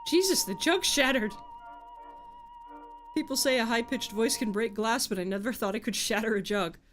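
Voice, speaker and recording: A woman's voice: fairly high pitch, a little fast, faint music behind. A woman streaming a horror game, reading dialogue aloud and chatting with wry asides. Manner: chatty, wry asides between read lines.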